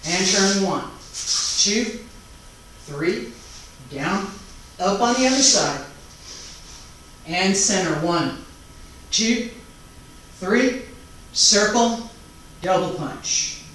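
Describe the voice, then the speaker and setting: A man teaching a taiji class online, calmly calling out each movement, breath and count step by step. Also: high-pitched. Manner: calm, unhurried step-by-step cueing and counting. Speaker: taiji instructor. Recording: very echoey room, mic far off, faint background noise.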